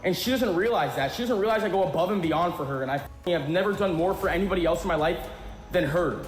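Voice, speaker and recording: A man's voice: sits high, quick pace. A young man ranting on a livestream, swearing heavily and repeating himself, worked up and bitter. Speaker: streamer. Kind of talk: angry livestream rant. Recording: roomy clip with music underneath.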